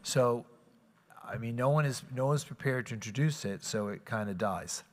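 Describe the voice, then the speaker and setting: A man serving as mayor and chairing a city meeting, informal and halting, often repeating himself into a desk microphone in council chambers. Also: medium pitch, in a large hall, a little hiss or hum.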